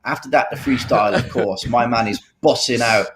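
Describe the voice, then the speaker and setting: A man's voice: medium pitch, fairly quick, fairly bright tone, slight background noise. A man in his thirties with a Birmingham accent, doing live poker commentary with jokey, self-mocking banter. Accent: Birmingham English. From England. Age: 30s.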